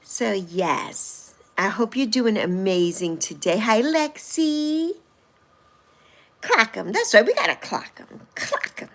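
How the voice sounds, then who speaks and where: A woman's voice: on the high side, very animated, slow, a bit bright. A woman in her sixties hosting a casual livestream, chatting with viewers and playfully teasing them as she reads and answers their comments, laughing often. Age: 60s. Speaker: livestream host.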